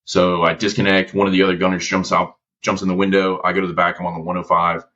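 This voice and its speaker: Low-voiced male guest, casual slangy storyteller, muffled recording. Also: fast. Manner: relaxed, slangy, many fillers. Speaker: podcast guest, veteran. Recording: dull lo-fi audio.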